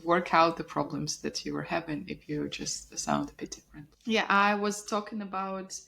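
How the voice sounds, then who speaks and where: A woman from Russia with a Russian accent, co-hosting a podcast in a calm, thoughtful, agreeable way. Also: deep voice, moderate pace, gravelly. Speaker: podcast co-host. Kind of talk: casual podcast chat.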